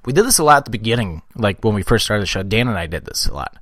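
Lively, joking man hosting a podcast. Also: on the low side, rapid-fire, no room sound, clean studio sound. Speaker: podcast host. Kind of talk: casual podcast chat.

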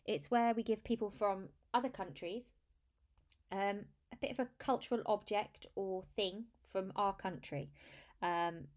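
A woman's voice: mid-range voice, a little slow. A woman hosting a podcast, leading a casual interview with fillers and restarted phrases. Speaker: podcast host.

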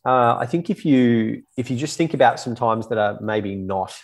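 A man's voice: mid-range voice, normal speed. A man in his thirties explaining child development in a casual, chatty, self-deprecating way. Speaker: child psychology expert guest. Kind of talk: casual podcast chat.

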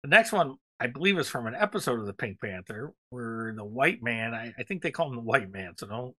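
A man's voice: medium pitch, very animated, brisk, a bit bright. A man co-hosting a casual podcast chat, rambling enthusiastically with lots of fillers. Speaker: podcast co-host.

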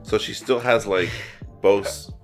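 A man's voice: lowish voice, steady tone, takes it slowly, soft background music. A man co-hosting a podcast in casual chat, laid back and chiming in with short replies. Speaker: podcast co-host.

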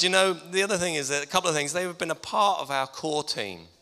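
Bright, clear preacher in a hall. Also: male voice, mid-range voice. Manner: warm-hearted, teasing, conversational preaching. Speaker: pastor. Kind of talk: farewell tribute in a sermon. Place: church hall, indoors. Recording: long reverb in a church hall.

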